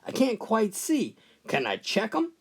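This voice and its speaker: A man's voice: high voice, wildly swooping pitch, a little slow, slightly rough, voice pushed up, full character voice. A man voicing a sly, bold old woman who likes to gamble, in a raised, teasing voice. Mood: coy. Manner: teasing and sure of herself.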